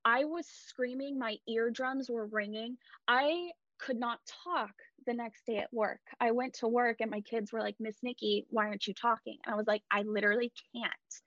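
A woman retelling a night as a hockey fan, animated and emphatic, recorded dull and dry. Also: fairly high pitch, dry recording. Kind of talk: excited fan storytelling.

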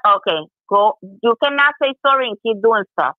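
A woman's voice: on the high side, fast talker, no echo. A woman talking casually, hesitant and repeating herself, often breaking into laughter. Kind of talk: casual conversation. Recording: tinny phone line.

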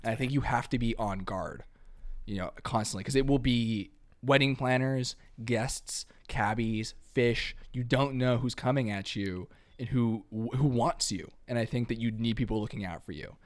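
Playful male improv host, mid-pitched, narrates and coaches. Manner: playful, talking quickly between narrating and voicing characters. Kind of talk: improvised comedy role-play. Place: New York.

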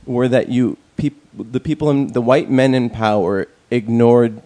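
A man's voice: mid-range voice, fairly even intonation, measured pace, warm tone. A man in a casual chat, rambling with many fillers and restarts and speaking bluntly, with some profanity.

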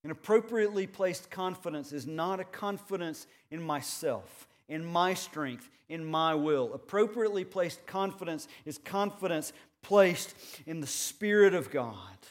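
A male pastor delivering a sermon in a fairly high voice. He speaks slowly and deliberately, leaning on repetition and rhetorical questions to drive each point home. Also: lively intonation. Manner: earnest, measured preaching with rhetorical questions.

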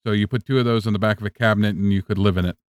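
A man co-hosting a podcast in casual chat, throwing in quick wisecracks. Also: fairly low pitch, fairly even intonation, no echo.

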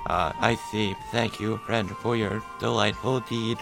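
A man's voice: lowish voice, level tone, unhurried, vocal fry, over music, voice pushed down. Man putting on a courteous telepathic bug creature. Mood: grateful. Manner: formal, courteous wording. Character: calm, polite humanoid desert bug speaking telepathically.

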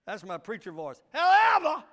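A man's voice: extremely high pitch, animated, a little slow, bright, forceful tone. A male pastor, preaching a fiery sermon with call and response.

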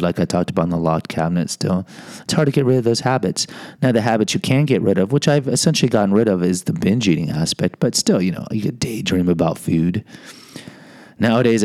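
A man's voice: low-pitched, mellow. A man hosting a podcast, telling a personal story in a candid, self-deprecating monologue with frequent restarts. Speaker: podcast host.

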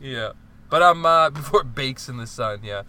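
A man's voice: medium pitch, lively intonation, moderate pace, bright, forceful tone, slight background noise. A young man telling a story in casual chat, rambling with lots of "like", laughing and swearing as he goes.

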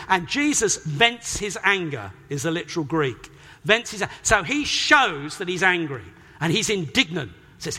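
A British man preaching a sermon in a church, emphatic and animated, acting out quoted voices as he explains a passage. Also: sits high. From Britain. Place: church hall. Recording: long hall reverb.

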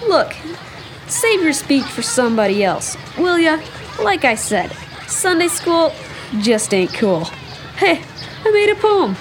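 A woman's voice: high-pitched, very animated, takes it slowly, noisy background, full character voice. A woman voicing a cocky, mocking young boy with a tough, slangy way of talking, in a radio drama. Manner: taunting, slangy.

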